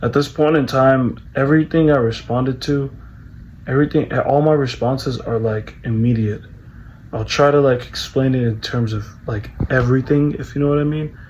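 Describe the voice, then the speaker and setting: A man's voice: mid-range voice, fairly even intonation, normal speed, darkish tone, highs cut off, a little hiss or hum. A young man casually recounting a personal experience, rambling, restarting and filling with "bro" and "like". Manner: rambling, repeats words, heavy fillers like "bro" and "like". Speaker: vlogger.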